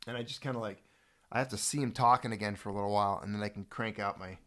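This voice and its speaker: A man's voice: fairly low pitch, fairly even intonation, rapid-fire, a bit bright. A man hosting his channel's livestream, chatting casually and rambling with many restarts. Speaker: channel host.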